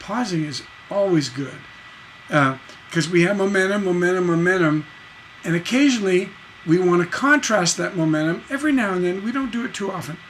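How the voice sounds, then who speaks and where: A man's voice: sits high, lively intonation, brisk, a bit bright, slight background noise. A man teaching a casual songwriting lesson, explaining with enthusiasm and breaking into sung snippets and scatted rhythms. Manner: enthusiastic, conversational, sings melody snippets and scats rhythms. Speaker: songwriting instructor.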